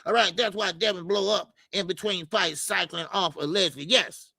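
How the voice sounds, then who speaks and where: Gravelly, high-voiced man hosting a boxing stream. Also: steady tone, normal speed, sharp tone, no echo. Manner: loose and profane, lots of filler stammers. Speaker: boxing show host. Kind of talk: casual live-stream chat reading comments.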